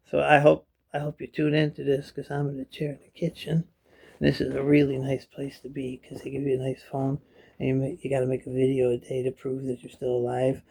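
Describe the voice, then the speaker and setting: A man's voice: medium pitch, gravelly, darkish tone. A man vlogging at home in a kitchen chair, talking straight to his viewers in a jokey, rambling way, filmed on a phone. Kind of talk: casual rambling vlog to camera.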